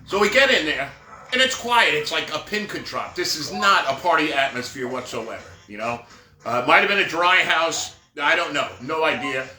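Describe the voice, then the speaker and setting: This is a casual storytelling monologue from a middle-aged man recalling his Santa-performing years in a rambling way, with plenty of asides and "right?" or "whatever" thrown in. His voice is a little high, bright, and pushed, with lively intonation and a moderate pace. Faint music sits behind a roomy echo.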